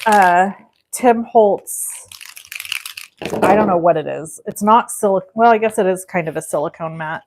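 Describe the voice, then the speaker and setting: A woman's voice: mid-range voice, a little hiss or hum. A woman in her forties hosting a live card-making demonstration, chatting directly to her viewers as she works.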